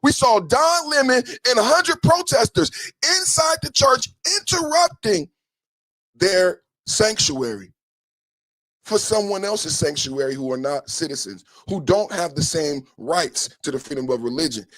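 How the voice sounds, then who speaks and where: A man hosting a live podcast stream, commenting on clips in an emphatic, repetitive way that swings between soft talk and shouting. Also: sits high, expressive, unhurried, no room sound. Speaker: podcast host.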